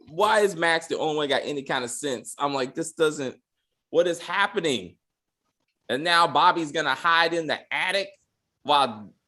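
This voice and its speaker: Animated man ranting about TV. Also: a little high. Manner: animated, profane, exasperated ranting with mock quotes. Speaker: podcast co-host. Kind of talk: casual TV recap chat.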